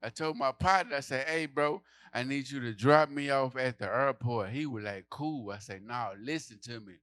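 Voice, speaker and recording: A man doing a stand-up comedy set, telling a story loudly and acting out the people in it, with lots of swearing. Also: mid-range voice, moderate pace. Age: adult. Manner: loud animated storytelling, acting out characters, profane.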